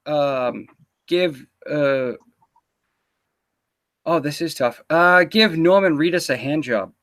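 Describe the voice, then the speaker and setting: A man's voice: on the high side, slow, pauses often, a bit bright. Teasing, foul-mouthed male stream host. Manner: teasing, profane, loose banter. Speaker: livestream interview host. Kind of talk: casual livestream chat.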